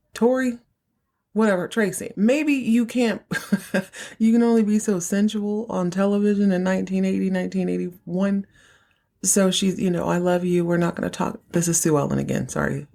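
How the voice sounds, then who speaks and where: A woman's voice: fairly low pitch, vocal fry, darkish tone. A woman hosting a podcast, recapping an episode in a chatty way with playful asides. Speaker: podcast host.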